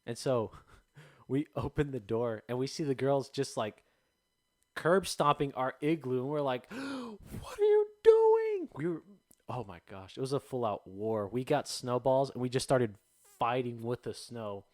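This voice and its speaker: A man's voice: medium pitch, moderate pace. Young man telling stories with laughs. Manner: animated, laughing, acts out voices. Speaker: podcast host. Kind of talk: casual storytelling chat.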